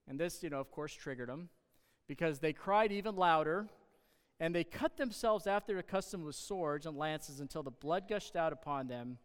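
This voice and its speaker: Animated man preaching in a reverberant hall. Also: on the high side, moderate pace, smooth. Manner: animated, sarcastic asides, rising to loud emphasis. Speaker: pastor. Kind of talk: sermon with scripture reading.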